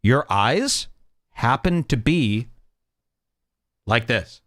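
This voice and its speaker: A man's voice: medium pitch, expressive, very slow, fairly bright tone, dry recording, clean studio sound. A man hosting a comedy radio show, delivering a sarcastic, mock-serious rant meant to provoke.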